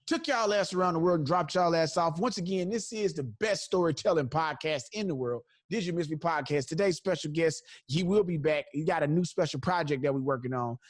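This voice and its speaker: A man's voice: fairly high pitch, no echo, studio quality. A man hosting a podcast, telling a comedic story and acting out the voices of the people in it. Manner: animated, acts out voices in his story. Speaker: podcast host.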